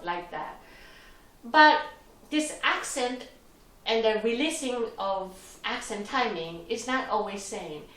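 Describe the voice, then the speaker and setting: A woman gives a violin lesson, explaining technique patiently and one step at a time, with little slips in her wording. Her voice sits a touch high and comes from a little way off the mic. The room is strongly echoey, and a violin plays between her words. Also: slow pace, fairly bright tone, far from the mic, soft background music. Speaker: violin instructor. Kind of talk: teaching a lesson with demonstrations. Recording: roomy echo, voice from off the mic, violin playing.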